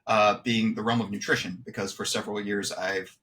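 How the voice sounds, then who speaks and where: A man's voice: on the low side, level tone, brisk, fairly bright tone. A man in his thirties, a podcast guest, talking casually and self-deprecatingly with lots of fillers over a video call. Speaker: podcast guest, exercise physiology researcher. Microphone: webcam setup, video call.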